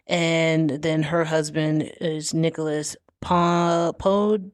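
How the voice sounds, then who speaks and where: A woman's voice: sits low, very slow, few pauses. A woman co-hosting a podcast, chatting casually as she recaps a TV show and acts out the characters' lines. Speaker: podcast co-host.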